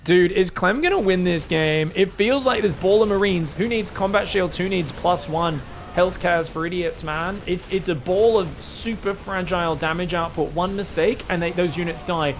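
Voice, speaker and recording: High-voiced excitable male caster, mock-British accent. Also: normal speed, a little hiss or hum. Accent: put-on British over Australian. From Australia. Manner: excitable, jokey, bursts into loud high exclamations. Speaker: esports caster. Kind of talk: live game commentary.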